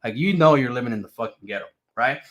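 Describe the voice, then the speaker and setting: A man's voice: medium pitch, fast. A man casually telling a personal story, swearing freely and laughing often. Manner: profane, animated, laughs often.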